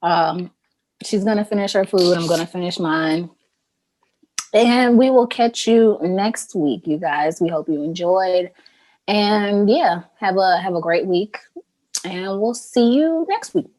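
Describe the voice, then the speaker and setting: A woman's voice: mid-range voice, expressive, darkish tone, low-quality recording. A woman co-hosting a casual podcast while eating, teasing her co-host and laughing a lot. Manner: teasing, laughs a lot, slow easy talk.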